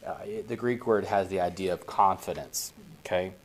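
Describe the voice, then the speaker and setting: A man with a lowish voice leads a casual Bible study for a small group. He talks in an easy, conversational way and keeps asking the group whether they follow. His tone stays relaxed and unhurried. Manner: conversational, often checks in with the group.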